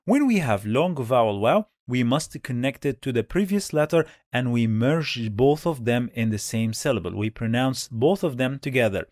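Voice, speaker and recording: A man's voice: mid-range voice, lively intonation, normal speed, few pauses, a little mellow, no room sound, clean studio sound. A man teaching Quran reading in a step-by-step lesson, patiently repeating each sound many times. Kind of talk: slow step-by-step language lesson.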